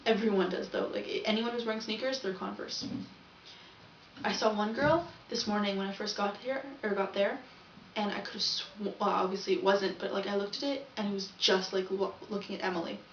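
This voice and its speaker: A woman's voice: medium pitch, fairly even intonation, brisk, far from the mic, a little hiss or hum. A young woman rambling through a casual video diary and often correcting herself. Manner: chatty, rambling, self-correcting. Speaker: vlogger. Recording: echoey, dull, from off the mic.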